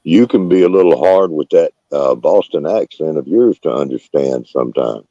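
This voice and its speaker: A man's voice: very deep voice, animated, moderate pace, dark tone, no room sound, highs cut off. A man in casual chat as co-host, drawling and teasing.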